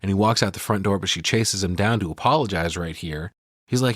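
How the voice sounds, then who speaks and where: A man co-hosting a podcast, retelling a film's scenes in a profane, animated way and acting out the dialogue. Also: deep voice, fairly quick, no room sound, studio quality. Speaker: podcast co-host. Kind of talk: casual movie recap chat.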